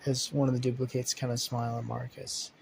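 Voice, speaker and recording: A man's voice: medium pitch, little pitch movement, a little fast, vocal fry, darkish tone, slight background noise, low-quality recording. A man casually narrating an improvised superhero story, rambling with many fillers, self-corrections and swearing.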